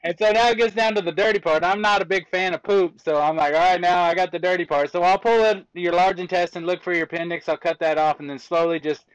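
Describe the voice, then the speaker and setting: Lively storytelling man, dry and dull sound. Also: high-pitched, fast, hardly any pauses, clear, resonant tone, no echo. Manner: lively storyteller acting out exchanges with commenters. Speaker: autopsy technician guest. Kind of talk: casual conversational explaining.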